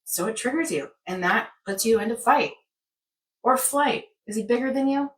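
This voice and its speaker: A woman's voice: on the high side, animated, moderate pace, a bit bright, recorded from a distance. A woman in casual wellness chat who rambles and acts out everyday scenarios. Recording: echoey room, off-mic.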